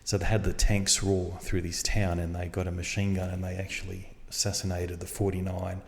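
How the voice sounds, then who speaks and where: A man hosting a podcast, telling a story in a casual, animated way and acting out the dialogue. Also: deep voice, brisk, slight background noise. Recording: long reverb.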